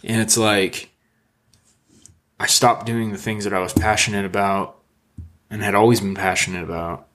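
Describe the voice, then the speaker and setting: A man's voice: lowish voice, little pitch movement, normal speed, long pauses, fairly bright tone. A man on a casual podcast, talking in a loose, rambling way with filler phrases and casual swearing. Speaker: podcast co-host.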